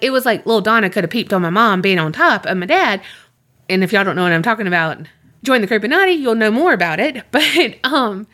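A woman co-hosting a podcast, telling a rambling story in animated casual chat, swearing and laughing often. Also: a little high. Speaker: podcast co-host.

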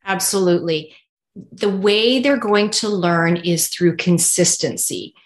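A woman's voice: lowish voice, expressive, a little slow. Woman co-host, thoughtful and conversational, shares own experiences. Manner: thoughtful, sharing personal examples. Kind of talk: conversational podcast chat.

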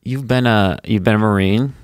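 A man hosting a podcast interview, asking measured questions and giving brief, affirming replies. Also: lowish voice, no room sound, clean studio sound. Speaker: podcast host.

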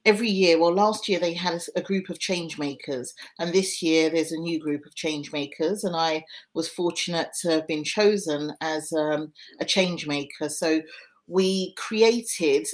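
Earnest woman guest, low voice, reflective. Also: measured pace, poor audio. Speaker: podcast guest. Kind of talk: conversational interview.

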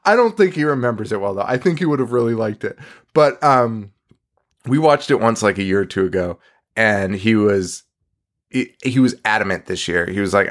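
A man's voice: on the low side, normal speed. Thirties guy cohosting a horror podcast, voice bouncing all over, cusses and laughs constantly. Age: 30s. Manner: animated, swearing, laughing often. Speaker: podcast co-host. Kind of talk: casual chat.

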